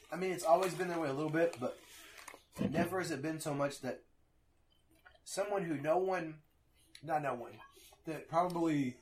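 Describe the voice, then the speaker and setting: A man's voice: a little high, a little hiss or hum. A man telling stories in a casual, profane podcast chat, swearing freely and acting out the people in them. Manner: profane, animated storyteller.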